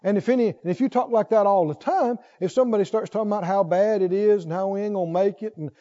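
A male preacher giving an emphatic sermon, moving between loud declarations and quiet reasoning, on a dull lo-fi recording. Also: high-pitched, fast talker, big-room sound.

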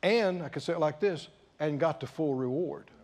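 A man's voice: on the high side, moderate pace, darkish tone. A man preaching a sermon, firing questions at the congregation and driving points home with emphatic repetition. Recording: long echo of a large hall.

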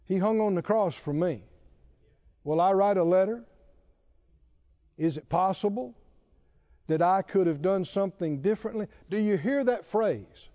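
A man's voice: high voice, expressive, measured pace, long pauses, warm tone, muffled recording. A man preaching a sermon, pressing his listeners with pointed rhetorical questions.

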